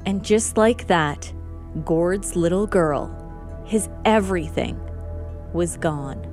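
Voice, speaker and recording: A woman host giving scripted true-crime narration in a measured, sober way. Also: on the low side, animated, darkish tone, faint music behind.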